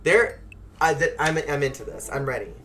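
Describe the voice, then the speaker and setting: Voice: mid-range voice, animated, moderate pace, fairly bright tone, slight background noise. A streamer giving playful, joking commentary while playing a video game and reading all the parts aloud.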